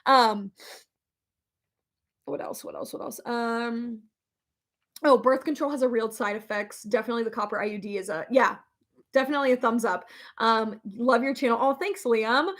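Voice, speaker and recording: Chatty young woman, slightly high voice. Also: moderate pace, long pauses, a bit bright. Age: young adult. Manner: chatty, rambling with many fillers and laughs. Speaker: livestream host reading comments. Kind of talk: casual chat.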